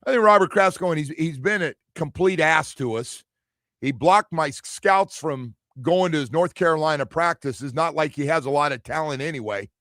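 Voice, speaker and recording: A man's voice: fairly high pitch, normal speed, no echo. Male sports-talk host, loose and rambling, acts out quotes, dry studio sound. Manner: rambling, animated, acts out others' lines. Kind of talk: casual sports talk radio.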